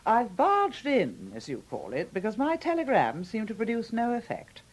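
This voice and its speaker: An actress playing a bossy, brusque older aunt in a radio comedy drama, commanding and tart with insults. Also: female voice, on the high side, huge pitch swings, normal speed.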